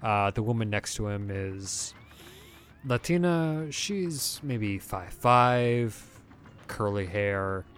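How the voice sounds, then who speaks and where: A man narrating a tabletop game as game master, describing scenes in a relaxed, rambling way with fillers. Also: on the low side, slow pace.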